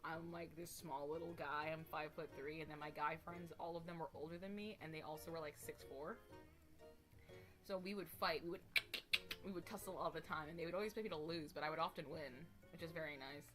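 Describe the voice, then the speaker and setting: A woman's voice: low voice, steady tone, brisk, music in the background. A woman streamer chatting casually to her viewers, rambling and emphatic, with casual swearing. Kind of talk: casual live stream chat.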